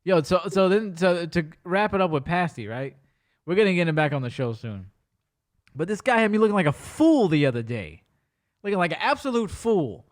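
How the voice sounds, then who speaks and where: A man hosting a podcast, telling stories in a casual, animated way with rapid bursts of speech. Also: high-pitched. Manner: animated storyteller, rapid bursts, swears freely. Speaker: podcast host. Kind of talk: casual chat.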